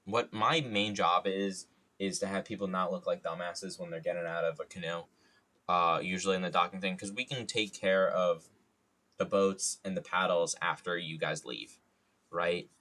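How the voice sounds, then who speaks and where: Casting: low-voiced male streamer, rambling and jokey, casual storytelling. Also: fairly even intonation, normal speed, sharp tone. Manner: rambling, jokey, playful idioms. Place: home studio.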